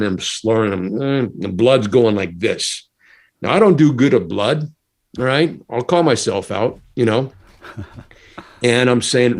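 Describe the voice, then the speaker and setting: Middle-aged american guy telling a stunt story, lowish voice, laughs a lot and acts out what people said. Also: moderate pace. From United States. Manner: animated, laughs often, acts out quotes. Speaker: guest, former stuntman. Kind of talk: casual storytelling.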